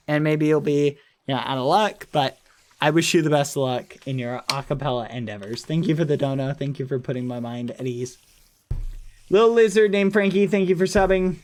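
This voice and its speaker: Young male streamer, casual and rambling, gently reassuring and apologetic. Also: on the high side. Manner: reassuring, rambling, apologetic, reads chat and donations. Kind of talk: casual live-stream chat.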